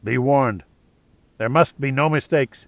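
A man's voice: medium pitch, a little slow, gravelly, no echo, pitched above the performer's own voice. A man reading a ruthless male henchman commander who gives stern, clipped orders. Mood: commanding. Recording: narrow phone-like sound.

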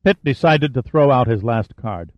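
A man narrating a thriller audiobook in an even, measured voice. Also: mid-range voice, no echo, highs cut off. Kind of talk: scripted narration.

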